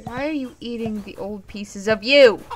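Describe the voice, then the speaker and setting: A young woman giving casual game commentary, excitable, swearing, laughing and yelping at scares. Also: fairly high pitch, normal speed, slight background noise. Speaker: gaming YouTuber.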